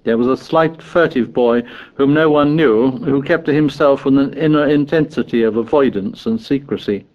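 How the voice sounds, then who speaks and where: A man narrating a novel in a measured, even storytelling voice. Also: medium pitch, muffled recording. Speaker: audiobook narrator.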